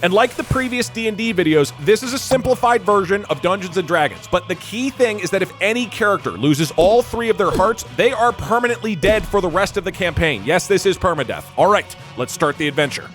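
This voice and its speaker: Animated high-voiced male streamer. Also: a little fast, few pauses, faint music behind. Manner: animated, joking, laughs often. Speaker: streamer and game master. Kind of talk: narrating an AI tabletop game.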